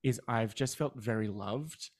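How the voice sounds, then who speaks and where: A man in a casual podcast chat, talking hesitantly with many pauses and fillers. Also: medium pitch. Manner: hesitant, many ums, warm storytelling.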